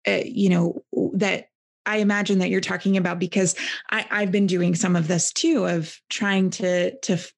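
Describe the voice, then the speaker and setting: A woman's voice: on the low side, flat delivery, moderate pace, vocal fry. A woman podcast host talking reflectively and hesitantly in a casual conversation. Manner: reflective, hesitant, many fillers.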